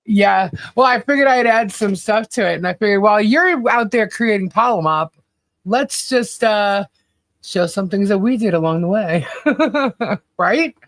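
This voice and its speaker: A woman's voice: medium pitch, expressive, unhurried, no room sound. A woman co-hosting a livestream in casual chat, laughing often and greeting viewers by name. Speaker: livestream co-host.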